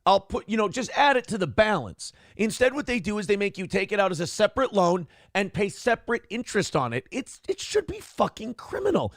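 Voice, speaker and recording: Gravelly, ranting male morning-show host. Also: sits high, big pitch swings, fairly quick, hardly any pauses, no echo, studio quality. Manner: profane, ranting. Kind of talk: casual talk show banter.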